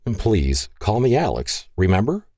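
A man voicing a rugged cowboy and fatherly rancher who speaks gently and warmly. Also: lowish voice, very animated, unhurried, no echo, clean studio sound, pitched above the performer's own voice. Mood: gentle.

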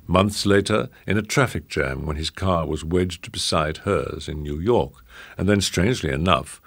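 A man reading a novel aloud as narrator, measured and grave. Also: sits low, vocal fry. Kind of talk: audiobook reading.

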